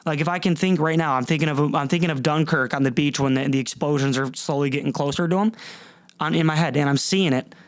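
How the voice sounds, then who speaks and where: Rambling, animated young man podcaster. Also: on the high side, fast talker, no room sound. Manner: rambling, animated, mocks people in silly voices. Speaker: podcast host. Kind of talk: rambling comedic monologue. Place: warm room, downstairs.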